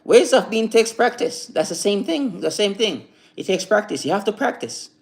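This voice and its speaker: A man's voice: high voice, gravelly. A man hosting a live stream, giving a casual motivational talk that rambles and repeats, full of "you know" fillers. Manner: recites slow calm affirmations.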